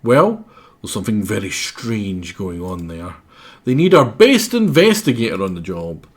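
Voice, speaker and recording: Man doing a high, sing-song, bouncy cartoon detective boss, eager and lively. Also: a little slow, husky, full character voice. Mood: chirpy.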